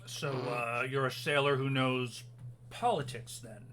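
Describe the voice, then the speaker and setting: A composed officer in a fantasy tabletop game speaks in a measured, formal way, calm but firmly in command, as a man puts him on. His voice sits in an ordinary middle range with a bright edge, and a faint hum runs underneath. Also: medium pitch, lightly acted.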